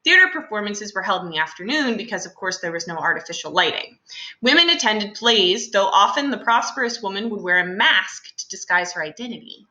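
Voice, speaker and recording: A woman's voice: medium pitch, lively intonation, fairly quick, pushed and bright, reverberant, rough recording. A young adult woman teacher talking through a class lesson in a chatty, casual way with many fillers and asides.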